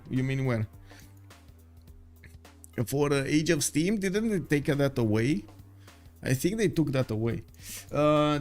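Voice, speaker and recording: Man, streamer, live strategy game commentary, excitable, filler-heavy, chats with viewers, mid-pitched.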